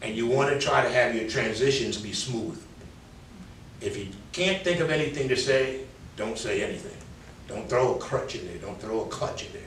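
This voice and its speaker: A man's voice: medium pitch, moderate pace, fairly bright tone, a little hiss or hum. A man with a New York accent, a public speaking instructor giving candid, conversational feedback to a class and mimicking filler words as he corrects them. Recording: echoey room, mic from a distance.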